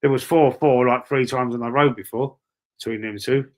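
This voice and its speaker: Man, Cockney accent, livestream host, casual rambling chat, matey, mid pitch. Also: steady tone, normal speed, a little mellow. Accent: London Cockney. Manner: chatty, matey, rambling with repeated words. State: breathy asthma-wheezy at times. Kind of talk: casual live chat reading viewer comments.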